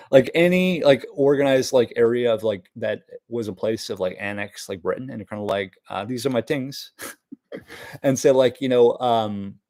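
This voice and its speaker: A man's voice: fairly low pitch, gravelly, a little mellow, no room sound. A man rambling casually through news topics, full of fillers and cursing. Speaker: vlogger reading the news.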